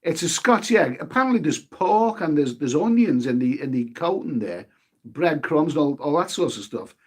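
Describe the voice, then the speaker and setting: A man's voice: fairly high pitch, animated, normal speed, breathy edge. A man chatting casually on a live stream, eating as he talks and reading viewer comments aloud. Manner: chatty, eats while talking, swears mildly, reads viewer names aloud.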